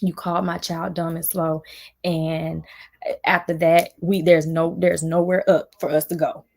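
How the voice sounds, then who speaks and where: Woman going off on her livestream, heated and repeating herself, kinda gravelly. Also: lowish voice, little pitch movement, darkish tone. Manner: heated, fast, repetitive venting with frequent restarts. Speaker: vlogger on a livestream. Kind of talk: emotional livestream rant.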